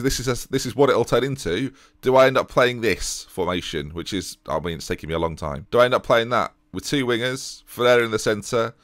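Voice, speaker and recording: A man's voice: mid-range voice, fairly bright tone, no room sound, studio quality. A man giving a let's-play commentary as a gaming YouTuber, exasperated and self-mocking as he talks over his game.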